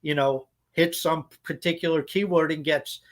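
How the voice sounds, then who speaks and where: Podcast co-host, male, high voice, blunt profane ranter. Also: steady tone, normal speed. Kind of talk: casual podcast chat.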